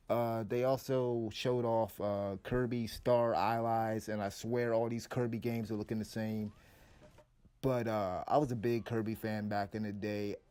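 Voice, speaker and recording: A man's voice: lowish voice, darkish tone. A man giving casual, rambling opinion commentary on game news, blunt and often restarting his sentences.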